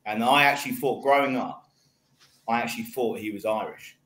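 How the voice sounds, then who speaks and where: A man's voice: mid-range voice, a little fast. A man on a casual football panel, talking chummily and rambling, calling people mate, on a roomy recording with a faint background hum. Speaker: panelist, Millwall fan.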